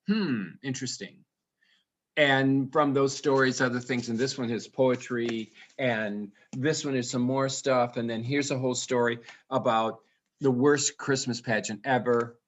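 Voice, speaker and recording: A man from England who grew up in the United States, giving a playful, musing talk to educators. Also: mid-range voice. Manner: playful, musing, rhetorical questions. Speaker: guest speaker.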